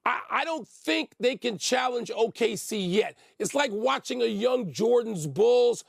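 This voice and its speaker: A man's voice: very high-pitched, expressive, unhurried, vocal fry, no room sound, clean studio sound. A man co-hosting a sports debate show, arguing his points emphatically and insistently. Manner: emphatic, insistent, talks over his partner. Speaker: sports talk show co-host.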